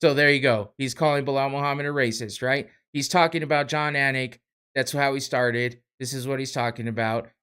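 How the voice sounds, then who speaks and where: A man's voice: medium pitch, fairly even intonation, a little fast, fairly bright tone, clear, resonant tone. A man hosting a podcast, ranting in a heated, profane way. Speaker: podcast host. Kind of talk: casual podcast rant.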